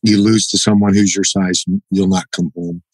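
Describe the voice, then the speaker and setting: A man being interviewed on a podcast, telling stories in a halting, reflective way. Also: deep voice, little pitch movement, a little mellow, no room sound, rough recording. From United States. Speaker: podcast guest, jiu-jitsu black belt. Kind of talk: casual interview, storytelling.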